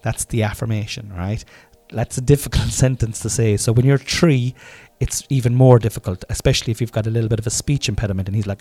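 A man's voice: medium pitch, fairly quick, few pauses, mellow. An Irish man in his forties telling family stories casually, swearing and laughing at himself. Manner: swearing, laughing, self-deprecating. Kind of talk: casual storytelling monologue.

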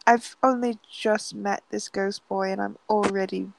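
A woman's voice: mid-range voice, fairly even intonation, unhurried, creaky, background noise. A woman player in a tabletop game, speaking hesitantly with many ums and a wry tone. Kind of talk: tabletop game role-play.

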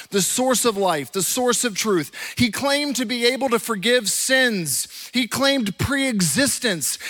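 A man with a high, bright-sounding voice preaches a sermon in a casual, animated way. His delivery swings between quick asides and bursts that rise in force. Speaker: pastor. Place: church auditorium.

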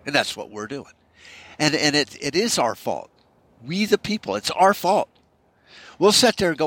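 A man's voice: fairly high pitch, sing-song, normal speed, pauses often, fairly bright tone, no echo. A man hosting a podcast, delivering an angry, profanity-heavy political rant full of stammered restarts. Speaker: podcast host.

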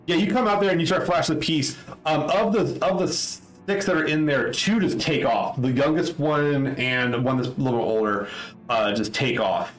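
A man's voice: on the high side, normal speed, roomy sound, low-quality recording. A man narrating a tabletop game as game master who rambles, restarts, and fills his speech with "like" and "uh.". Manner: rambling, many fillers and restarts.

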